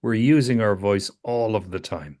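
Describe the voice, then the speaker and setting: Male therapist, low voice, calm and probing, repeats his questions. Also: normal speed. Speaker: psychotherapist. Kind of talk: therapy session conversation.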